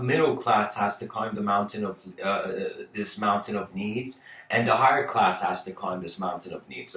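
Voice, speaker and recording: A man's voice: fairly low pitch, fairly bright tone. A man giving a casual, rambling lecture, playfully acting out little scenes and laughing often. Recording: roomy echo, mic at a distance.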